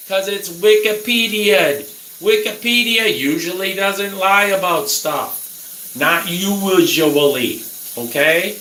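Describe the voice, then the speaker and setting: A man's voice: sits high, slow, pushed and bright. A middle-aged man ranting crudely and angrily at his viewers in a casual talk. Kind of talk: casual rant. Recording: roomy echo, faint background noise.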